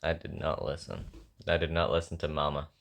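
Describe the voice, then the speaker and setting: A man's voice: a bass voice, a little fast, gravelly, noisy background. A young man at home with a sore throat, rambling and joking at himself as he works on a song. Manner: rambling, self-mocking, thinking aloud. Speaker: songwriter. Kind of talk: casual chat while writing a song.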